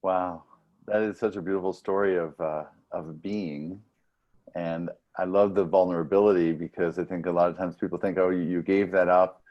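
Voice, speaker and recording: A man hosting an interview, responding reflectively and haltingly, with many restarts. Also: low-pitched, steady tone, highs cut off. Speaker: interview host. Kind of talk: interview conversation.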